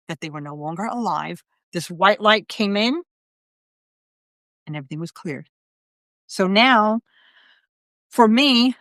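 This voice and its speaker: A woman's voice: mid-range voice, a bit bright, no echo, clean studio sound. A middle-aged woman, a psychic medium, telling a personal story on a live video in a chatty way, full of asides and quoted self-talk.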